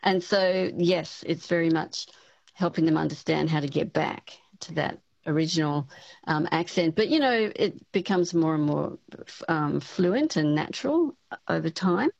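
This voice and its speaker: A woman with a lowish voice, explaining patiently as an academic guest on a radio show, with plenty of "um" and "you know" as she works through her points. The sound is dry and a little dull, like a remote line. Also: expressive, measured pace, gravelly, darkish tone, dry recording. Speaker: speech pathology professor, guest expert. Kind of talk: radio interview answers.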